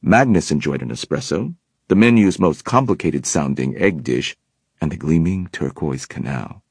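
A man narrates an audiobook in a steady storytelling manner. His voice is very deep and husky. The recording is dry, with no room sound. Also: normal speed, no room sound.

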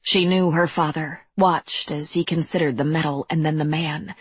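A woman narrating an audiobook in a measured, deliberate storytelling manner. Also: low voice, fairly even intonation, breathy edge, dry recording.

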